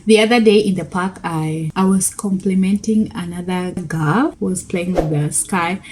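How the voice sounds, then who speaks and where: A woman's voice: lowish voice, normal speed, background noise. A woman from Kenya with a Kenyan accent, talking casually to camera as a vlogger, chatty with fillers and restarts. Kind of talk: casual explanatory talk to camera.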